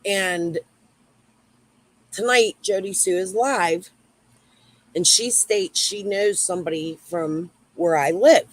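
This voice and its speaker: A woman livestreaming on YouTube rambles, swears, and answers people in the chat. Her medium-pitched voice is slow with frequent pauses, and the audio is poor.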